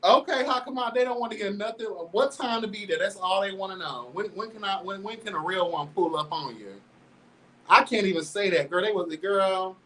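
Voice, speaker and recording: A man's voice: high voice, a little fast, recorded from a distance, poor audio. A man hosting a show, telling a candid story in a sassy, flamboyant way, constantly addressing listeners as girl and laughing along. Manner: animated, laughs through the telling. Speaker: host.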